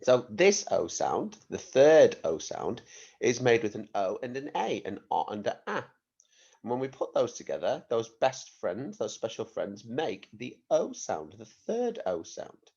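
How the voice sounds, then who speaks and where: A British man teaching young children phonics, talking slowly and clearly and sounding out words in an encouraging way. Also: very animated, darkish tone. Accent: British English. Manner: slow, clear and encouraging, sounding out words and leaping up in pitch on blended words. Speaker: primary school teacher. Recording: dull lo-fi home recording.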